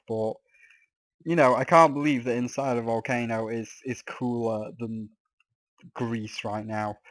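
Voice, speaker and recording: A man's voice: medium pitch, no echo. A man with a slightly sore throat, ranting and swearing in exasperation while giving casual gameplay commentary as a let's play host. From England.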